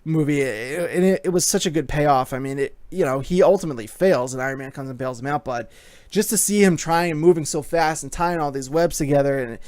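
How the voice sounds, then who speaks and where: A man giving a casual movie review, excited and rambling, with lots of fillers. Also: a little high, fairly quick, dry recording.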